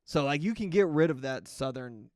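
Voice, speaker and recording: Smooth-voiced man rambling profanely. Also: on the high side, expressive, normal speed, darkish tone, no room sound, studio quality. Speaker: podcast co-host. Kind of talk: casual comedic banter.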